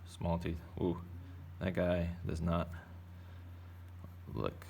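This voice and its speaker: A man's voice: low voice, completely flat delivery, extremely slow, gravelly, warm tone, slight background noise. A man casually teaching kids to draw, playful and chatty as he narrates each step. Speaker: art teacher. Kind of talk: casual drawing tutorial for kids.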